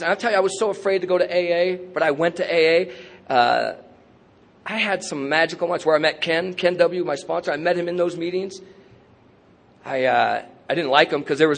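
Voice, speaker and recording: A man speaking at a recovery convention, telling his story candidly with streetwise slang and self-mocking humor. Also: on the high side. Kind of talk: personal recovery talk.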